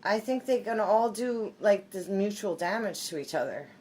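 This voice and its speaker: A woman's voice: mid-range voice, expressive, normal speed, a little mellow, breathy edge. A woman at home filming her pets on a phone, talking playfully to her bird and laughing often. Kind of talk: casual chat to pets while filming.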